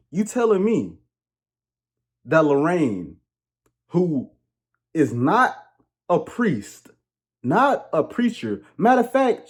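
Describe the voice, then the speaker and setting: Animated, husky-voiced man ranting comically. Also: fairly high pitch. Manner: animated, rambling, joking and ranting. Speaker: comedic movie reviewer. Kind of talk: casual comedic movie review.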